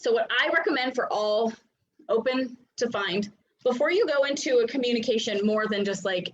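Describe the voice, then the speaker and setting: A woman in her thirties coaching a live online class, chatty and animated, with many fillers. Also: fairly high pitch, moderate pace. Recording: dull lo-fi sound.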